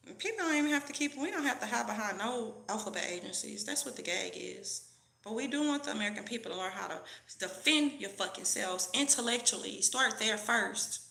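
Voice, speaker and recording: Woman vlogger going off on a cussing preachy rant, kinda high voice, echoey room. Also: animated, a little fast, creaky, sharp tone. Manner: profane, preachy, heated rant. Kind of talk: ranting commentary to camera.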